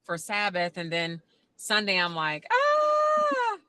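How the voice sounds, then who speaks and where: Bright, dry-sounding woman on a call. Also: on the low side, moderate pace, no room sound. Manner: rambling, searching for words. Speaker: group member. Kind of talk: casual video-call chat. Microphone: video call.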